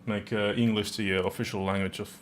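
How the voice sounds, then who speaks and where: A man's voice: lowish voice, flat delivery, fast, a little hiss or hum. A man from Finland with a Finnish accent, co-hosting a casual podcast chat, hesitant and laughing often. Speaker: co-host.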